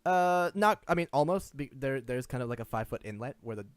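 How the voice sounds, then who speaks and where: A man running a tabletop game as game master, describing scenes in a rambling, halting way with many restarts. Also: medium pitch, lively intonation, clear, resonant tone, no room sound, soft background music.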